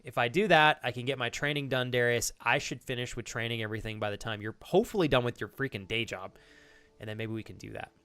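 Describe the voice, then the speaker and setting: A man streaming live, chatting casually with his viewers and reacting to their messages, animated and hyped, with casual swearing. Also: medium pitch, fast talker, clean tone. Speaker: streamer reading chat.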